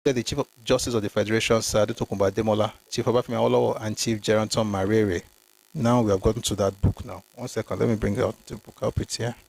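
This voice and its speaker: A man's voice: fairly low pitch, level tone, fast, gravelly, darkish tone. A man hosting a history livestream, reading documents aloud and commenting emphatically, talking to viewers by name. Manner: addresses viewers by name, mixes Yoruba phrases. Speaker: host.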